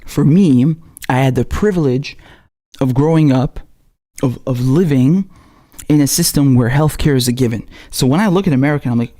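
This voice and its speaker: A man's voice: medium pitch, warm tone. A man hosting a political commentary show, ranting with heated passion and heavy swearing. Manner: heated, profane, rapid-fire ranting. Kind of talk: impassioned political rant.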